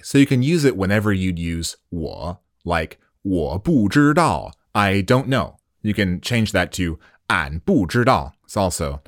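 A man's voice: sits low, no echo, studio quality. A man whose first language is English, hosting a solo podcast lesson on Mandarin slang in a playful, chatty way with jokes and rhetorical questions.

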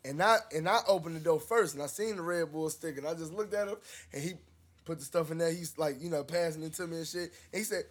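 A young man casually telling a story to friends, animated and profane, laughing as he acts out what people said. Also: on the high side, fast talker.

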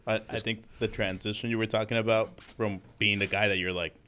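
A man with a somewhat low voice, chatting casually on a podcast. He talks loosely, with restarts and strong emphasis, and swears without a second thought. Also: level tone, brisk, sharp tone. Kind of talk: casual chat.

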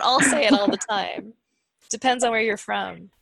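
A woman's voice: mid-range voice, normal speed, vocal fry, background noise. A woman in her forties with a Canadian accent from Ontario, chatting as a podcast guest and rambling with restarts. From Southern Ontario, Canada. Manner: rambling, restarts often, thinks aloud. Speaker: musician guest. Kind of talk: casual podcast interview.

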